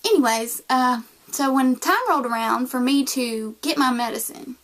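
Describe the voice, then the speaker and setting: A woman's voice: high voice, normal speed. A young woman from the United States with a Southern accent, casually telling a story to the camera and acting out the people in it. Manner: animated, acts out voices in her retelling. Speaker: vlogger.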